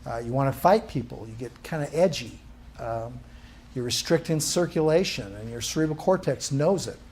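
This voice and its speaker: A man's voice: mid-range voice, lively intonation, normal speed, a little mellow, slight background noise. A male instructor giving a live classroom lecture, quizzing the room with questions and answering them himself.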